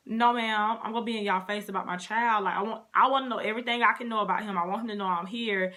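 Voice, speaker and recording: A young woman vlogger telling her story in a casual, animated way, talking straight to her viewers. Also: a little high, quick pace, hardly any pauses.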